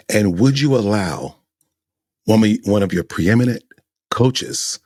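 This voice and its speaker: A man's voice: lowish voice, slightly rough, dry recording, studio quality. A man hosting a podcast, giving emphatic opinion commentary full of rhetorical questions. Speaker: podcast host.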